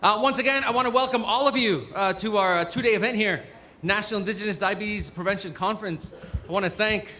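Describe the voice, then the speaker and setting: A man's voice: high-pitched, fast, pushed and bright. A man from Northern Ontario hosting a conference, joking and rousing the crowd with call-outs. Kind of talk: energetic event hosting. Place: large conference hall. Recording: echoey hall with faint room noise.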